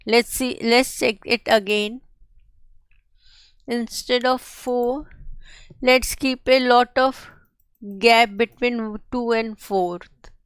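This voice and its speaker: A woman teaching a coding tutorial, explaining each step slowly and carefully. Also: a little high, steady tone, clean tone, dry recording. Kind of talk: screen-share coding tutorial.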